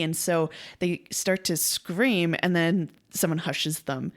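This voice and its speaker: A young woman co-hosts a casual podcast in a chatty, storytelling way. Her voice sits on the lower side for a woman. She acts out quoted lines and laughs easily as she talks. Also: steady tone, unhurried, few pauses. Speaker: podcast co-host.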